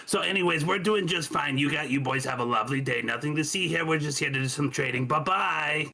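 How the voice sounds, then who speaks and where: Casting: a man playing a babbling female dark elf sorcerer, gravelly, higher than his own voice. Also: a little fast. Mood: breezy. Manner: rambling, giggly, talks over herself.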